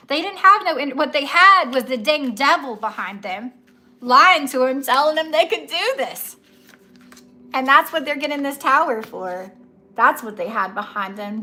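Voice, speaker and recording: A woman's voice: high voice, pushed and bright. A young woman giving a casual tarot reading, chatty and emphatic, with slangy asides and repeated key words. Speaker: tarot reader.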